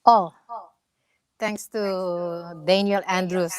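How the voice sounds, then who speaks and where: A woman's voice: lowish voice, fairly even intonation, extremely slow, crowd noise. An older woman, a guest on an online show, giving shy, brief answers and often laughing.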